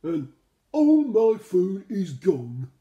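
A man voicing a big, blunt female warthog in a loud, booming voice. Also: big pitch swings, extremely slow, roomy sound, lo-fi sound, heavily acted.

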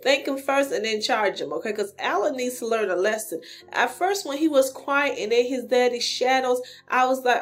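A woman giving casual commentary on a webtoon chapter, talking straight to her viewers in a sassy, animated way. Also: high voice, moderate pace. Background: faint guitar music.

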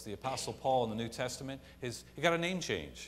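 A pastor delivering a sermon, swinging from quiet to loud and emphatic and acting out imagined people. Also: male voice, medium pitch, very animated, fast, few pauses. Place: church sanctuary. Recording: long church reverb, faint hum.

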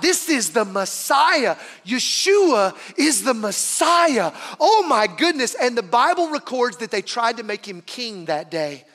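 A man preaching a sermon as pastor, telling a story dramatically, swinging from loud calls to hushed words. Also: high voice, big-room sound.

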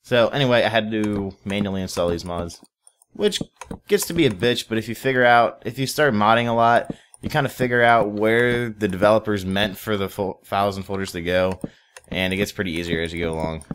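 A man's voice: on the low side, fairly quick, a bit bright, clear, resonant tone. A young man casually commenting while playing a modded block game, rambling, swearing offhand and chatting to viewers and in-game animals. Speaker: Let's Play host.

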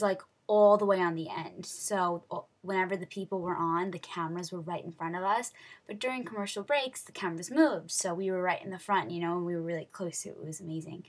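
A teenage girl telling an excited story in a casual vlog, gushing and full of fillers. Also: fairly low pitch. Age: teens. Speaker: vlogger.

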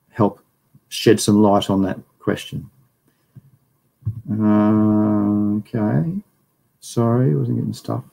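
A man's voice: on the low side, creaky, darkish tone, rough recording. A middle-aged Australian man giving a casual, rambling livestream lecture and reading viewer chat aloud.

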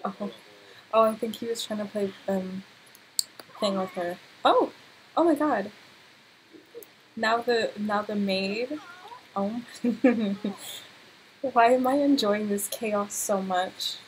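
A young woman giving casual, excitable let's-play commentary, full of gasps and laughter. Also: mid-range voice, takes it slowly, long pauses, a little hiss or hum, low-quality recording. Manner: excitable, laughing, exclamatory reactions. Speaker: gameplay commentator.

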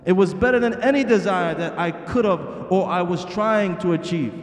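Preaching at normal speed, a middle-aged man whose voice sits high delivers an earnest sermon in a masjid hall, posing rhetorical questions. The hall gives the recording a strong echo.

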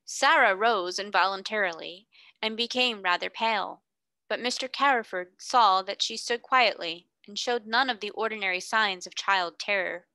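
Brief: woman audiobook narrator, bright and crisp, steady pace, close dry recording. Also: mid-range voice, no room sound. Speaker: reader.

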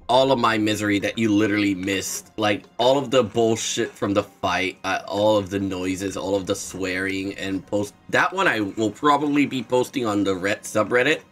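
A man's voice: lowish voice, fairly bright tone. Sarcastic young man streaming a game. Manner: sarcastic, jokey and swearing. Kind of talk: casual gaming commentary.

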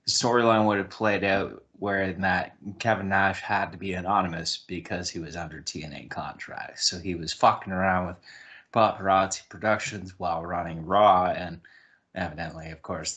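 A man's voice: low-pitched, pushed and bright. A man co-hosting a casual podcast, explaining in a matter-of-fact way. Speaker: podcast co-host.

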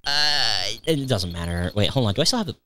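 A young man playing a video game and chatting casually, relaxed, explaining game mechanics with casual swearing. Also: mid-range voice, a little fast. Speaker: player in a let's play. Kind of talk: casual gaming chat. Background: faint game music.

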